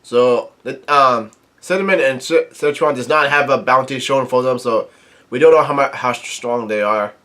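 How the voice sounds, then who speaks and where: A manga reviewer with a middle-pitched voice reads aloud haltingly as he recaps and comments on a comic chapter. He quotes the dialogue flatly, without acting it.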